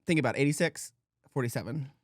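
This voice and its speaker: A man co-hosting a casual chat podcast, animated and acting out the voices of people in his stories. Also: medium pitch, fast, dry recording, clean studio sound. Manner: animated, acts out quoted voices. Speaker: podcast co-host.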